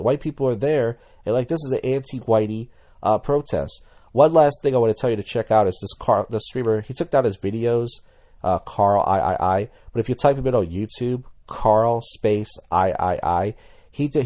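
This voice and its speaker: A man's voice: medium pitch, brisk, dark tone. A man talking in a casual commentary vlog as a YouTuber, rambling and blunt, with many restarts.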